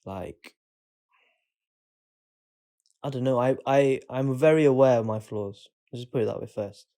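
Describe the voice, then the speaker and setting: A man co-hosting a casual podcast, speaking at a middle pitch. He talks in a relaxed, musing way and often lets his sentences trail off. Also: a little slow. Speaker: podcast co-host. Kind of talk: casual chat.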